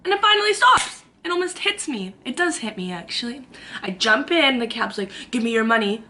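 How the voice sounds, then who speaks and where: Bright-voiced young woman telling a story. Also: sits high, normal speed. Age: 20s. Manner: animated, acts out quotes, lots of "like". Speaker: vlogger. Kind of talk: casual storytime to camera.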